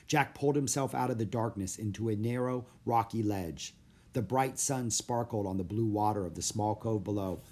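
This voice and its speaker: A man reading a children's storybook aloud in an expressive, lively narration. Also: fairly low pitch, moderate pace. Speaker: audiobook narrator.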